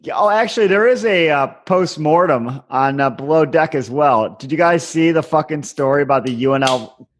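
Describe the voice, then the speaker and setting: A man's voice: a little high, moderate pace. A man hosting a podcast in casual chat, sarcastic and profane, steering the topics. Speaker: podcast host.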